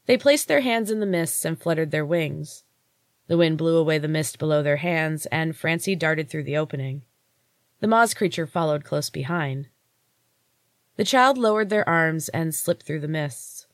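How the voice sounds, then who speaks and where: A woman narrates her own fantasy story in a low, steady voice. The reading is measured and even, recorded dry and close to the mic. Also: dry recording. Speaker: podcast host and author reading her fiction. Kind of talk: audiobook narration.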